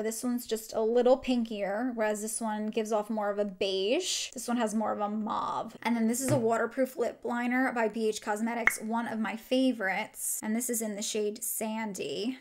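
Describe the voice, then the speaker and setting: A woman's voice: a little high, steady tone, normal speed, hardly any pauses. A woman beauty vlogger chatting enthusiastically through a product review while she demonstrates makeup.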